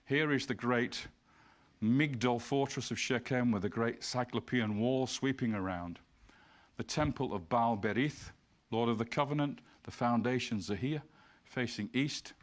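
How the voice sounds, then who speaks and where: A man's voice: mid-range voice, a little slow. A man giving an illustrated lecture, explaining slides point by point and reading passages aloud. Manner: reads scripture passages aloud.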